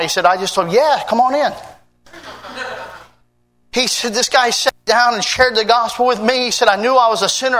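A man with an American accent, preaching a sermon and telling a story from his ministry in a quiet, confiding way. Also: high-pitched. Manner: energetic, shouting and laughing in an acted-out pancake run. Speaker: pastor. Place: church service with a congregation.

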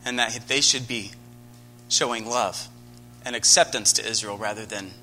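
Over soft background music, an American man with a fairly low voice preaches at normal speed, recounting a personal story. His earnest telling gathers energy and becomes animated and loud.

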